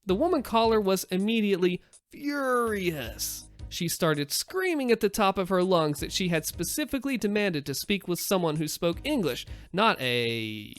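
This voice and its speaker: Lively, wry story narrator. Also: medium pitch.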